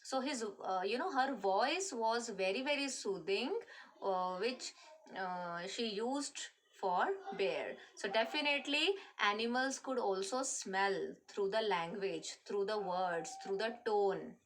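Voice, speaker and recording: A woman teacher with an Indian English accent, explaining a reading lesson to children slowly, with many fillers. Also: mid-range voice, slight background noise. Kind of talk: online class lesson.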